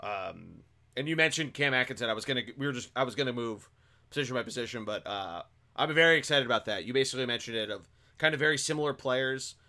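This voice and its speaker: A man's voice: medium pitch, lively intonation, fast talker, sharp tone. A man hosting a casual sports podcast, talking through the news in a loose conversational way with fillers and restarts. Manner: conversational, with fillers and self-corrections. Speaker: podcast host.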